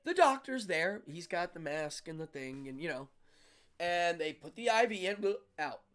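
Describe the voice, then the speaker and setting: Animated man telling a story. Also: on the high side, normal speed. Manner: animated, acts out yelling voices in his story. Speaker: podcast host. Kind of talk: casual storytelling.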